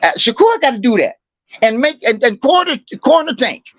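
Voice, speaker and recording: A man's voice: very high-pitched, sing-song, normal speed, a bit bright, no echo. A man co-hosting a boxing talk show, rambling and profane, full of fillers and emphatic asides. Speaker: boxing podcast co-host. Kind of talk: heated casual boxing talk. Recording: dry, slightly dull sound.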